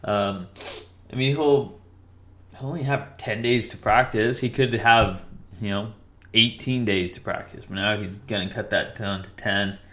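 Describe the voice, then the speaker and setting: A man's voice: lowish voice, fairly even intonation, unhurried, bright, forceful tone. A young man hosting a casual solo sports podcast, rambling and correcting himself often. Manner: rambling, self-correcting, with frequent fillers. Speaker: podcast host.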